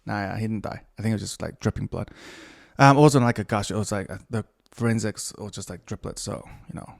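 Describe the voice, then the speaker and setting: A man's voice: fairly low pitch, quick pace, creaky. A man rambles through a solo podcast episode. He is crude and self-mocking, breaking off mid-thought and circling back with fillers. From New Zealand. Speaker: podcast host.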